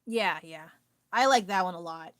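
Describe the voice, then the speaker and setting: A woman's voice: on the low side, moderate pace, a bit bright, no room sound, clean studio sound. A woman with an American accent chatting casually on a livestream, rambling and laughing often as she answers her chat. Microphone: phone.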